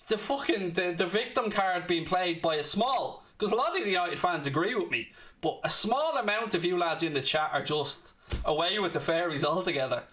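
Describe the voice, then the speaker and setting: A man's voice: high voice, animated, moderate pace, a bit bright. A young man hosting a live football watchalong, commentating on the match and ranting and swearing back at his chat. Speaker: watchalong host.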